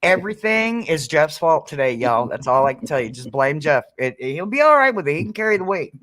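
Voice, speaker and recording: Brief: higher-voiced male tarot streamer, chatty and playful, quick to laugh. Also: big pitch swings, fairly bright tone. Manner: chatty and playful, laughs often, greets viewers. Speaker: tarot reader hosting a live stream. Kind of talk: casual live-stream chat.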